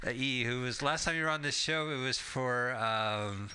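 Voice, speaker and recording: A man hosting a casual radio chat, easygoing and halting with fillers. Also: medium pitch, sharp tone, clean tone. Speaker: radio show host. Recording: faint hiss, community radio studio.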